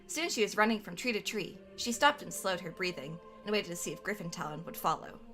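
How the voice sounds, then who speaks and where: A woman's voice: fairly low pitch, animated, fairly quick, a bit bright, soft background music. A young woman from Canada playfully reading aloud her own old role-play narration.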